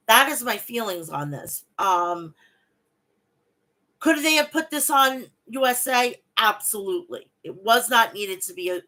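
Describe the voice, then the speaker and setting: A woman's voice: a little high, pushed and bright, rough recording. A woman in her thirties hosting a casual wrestling podcast, blunt and swearing freely. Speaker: podcast host.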